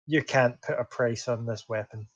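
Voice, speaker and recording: A man's voice: mid-range voice, normal speed, a bit bright, voice pushed down, close to an everyday voice. Man playing a wry adventurer. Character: laid-back male adventurer with a prized sword. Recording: dull lo-fi mic.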